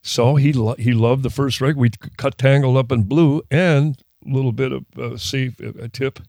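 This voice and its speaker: A man's voice: mid-range voice, fairly even intonation, normal speed, vocal fry, darkish tone, no echo, clean studio sound. An older man from Minnesota, a guest musician, telling a story in casual interview chat, with rambling, self-interrupting sentences and laughs.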